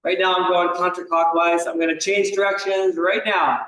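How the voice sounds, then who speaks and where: Male fitness instructor, encouraging, counts reps; high voice, distant mic in a very echoey room. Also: little pitch movement, normal speed, a bit bright, a little hiss or hum. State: slight cough. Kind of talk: coaching an exercise class.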